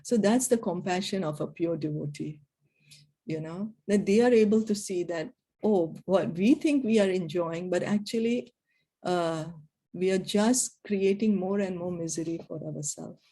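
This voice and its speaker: A woman teaching a scripture class, explaining verses and telling stories with gentle emphasis. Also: lowish voice, normal speed.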